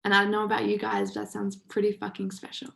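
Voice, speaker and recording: A woman's voice: medium pitch, monotone, quick pace, gravelly, fairly bright tone, rough recording. A woman hosting a live online session, telling stories in an emphatic, casual way with some swearing. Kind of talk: motivational storytelling talk.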